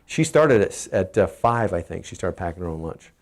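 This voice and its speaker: A middle-aged man with a Texan accent gives a casual, energetic family health talk, asking his listeners questions as he goes. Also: low-pitched, fairly quick. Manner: energetic, emphatic, asks the audience questions.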